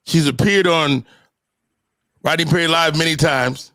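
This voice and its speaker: A man's voice: on the high side, a little slow, pauses often, pushed and bright, dry recording, clean studio sound. A man hosting a comedy podcast, joking and teasing his guests in casual banter. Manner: joking, teasing, drops into sing-song lines. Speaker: podcast host.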